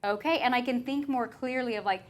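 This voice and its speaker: A woman hosting a casual podcast, with a somewhat high voice. She is agreeable and reflective, and she often chimes in with "right" and fills her speech with "like.". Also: brisk. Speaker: podcast host.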